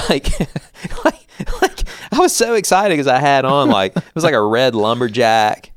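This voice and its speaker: A man in his forties co-hosting a church podcast, a jokey, animated storyteller who laughs often. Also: mid-range voice, measured pace, dry recording, studio quality. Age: 40s. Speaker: podcast co-host. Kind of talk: casual church podcast chat.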